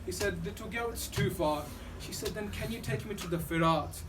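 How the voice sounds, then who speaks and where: A man's voice: high voice, brisk. A man reciting a grief-filled religious story at a mourning gathering, his voice rising into anguished cries. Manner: grieving, swelling to anguished cries at peaks. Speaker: majlis reciter. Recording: distant mic, noisy room.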